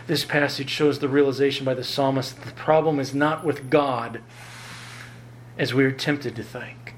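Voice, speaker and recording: A man preaching a sermon, emphatic and lively, often jumping up in pitch to drive home a point. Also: normal speed, slight background noise. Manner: emphatic, rises sharply in pitch to stress points. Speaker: pastor.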